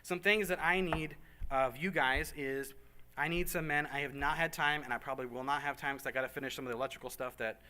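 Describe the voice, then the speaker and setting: A man's voice: medium pitch, fairly even intonation, sharp tone. A man organizing a church program, giving a casual, joking planning briefing to a room of volunteers. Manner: upbeat and joking, with fast asides and repeats. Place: meeting room with a group present.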